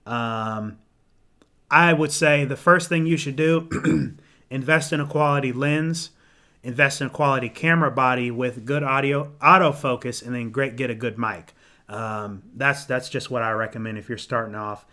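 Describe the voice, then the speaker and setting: A young man casually answering viewer comments on a live stream, rambling with ums and restarts, clearing his throat and losing his voice. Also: medium pitch, steady tone, moderate pace, bright, forceful tone. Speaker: menswear YouTuber hosting a live Q&A.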